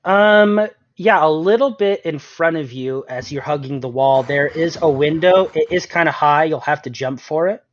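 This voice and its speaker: A man's voice: on the high side, normal speed, hardly any pauses. Game master, male, chatty with ums, dull lo-fi recording. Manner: chatty, laughs often, fills with um. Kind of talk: narrating a tabletop game. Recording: dull lo-fi sound, dry room.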